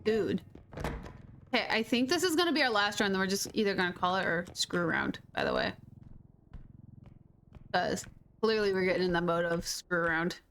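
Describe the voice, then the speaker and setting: A woman's voice: medium pitch, quick pace, a bit bright. A young adult woman streaming a game, chatting casually and playfully with her viewers. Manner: playful, giggly, chatty with chat. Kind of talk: casual live-stream chat. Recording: noisy stream audio.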